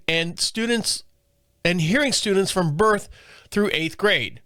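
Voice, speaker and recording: A man's voice: sits high, slow, sharp tone, no echo, clean studio sound. A man hosting a casual comedy podcast who reads a story aloud, often laughing and stumbling over his words. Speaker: podcast host. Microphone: studio multi-camera setup.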